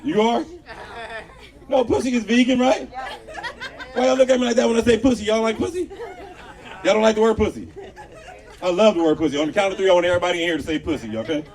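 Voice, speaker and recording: A man's voice: high-pitched, fast, pauses often. A man in his thirties from Los Angeles doing a loose, profane stand-up set with lots of crowd work on an outdoor patio. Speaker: stand-up comedian. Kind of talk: live stand-up comedy set. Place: outdoor patio comedy show. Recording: distant live audio with crowd laughter.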